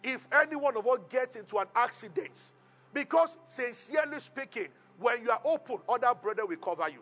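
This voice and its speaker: A man preaching a sermon as pastor, retelling a Bible story with lively call-and-response to the congregation. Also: extremely high pitch, brisk, soft background music.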